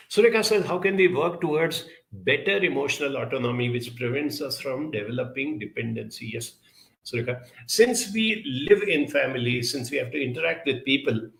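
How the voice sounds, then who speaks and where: A man giving advice and answering viewer questions, speaking slowly and deliberately, with emphatic stresses and drawn-out hesitations. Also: mid-range voice, creaky, fairly bright tone. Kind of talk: advice talk. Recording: roomy echo.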